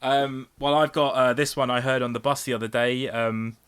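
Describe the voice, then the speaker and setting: A man's voice: mid-range voice, steady tone, normal speed, fairly bright tone, clean tone. A man co-hosting a podcast, chatting loosely and rambling, with lots of "like" and casual swearing. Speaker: podcast co-host. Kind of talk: casual chat.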